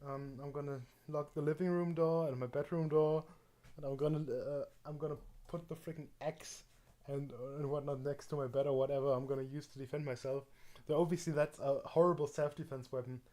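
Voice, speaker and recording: A man's voice: on the high side, steady tone, fairly quick, mellow. A man streaming in a casual chat, rambling and hesitant with frequent restarts and fillers.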